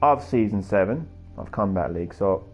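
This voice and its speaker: A young man giving excitable, profane, sarcastic commentary while streaming a fighting game. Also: on the low side, normal speed, highs cut off. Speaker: gaming streamer. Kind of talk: live gameplay commentary. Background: game music.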